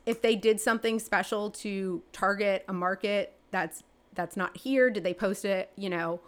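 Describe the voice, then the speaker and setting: Chatty, animated woman. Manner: chatty, fast, with many fillers and restarts; animated, pitch jumping up when excited. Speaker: real estate agent and team leader. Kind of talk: conversational interview answers.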